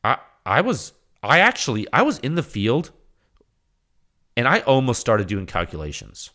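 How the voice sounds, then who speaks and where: Talking at a normal speed, this man hosts a podcast alone in a loose, rambling, excitable monologue. His voice swings widely, going up high when he acts out reactions and down low for side comments.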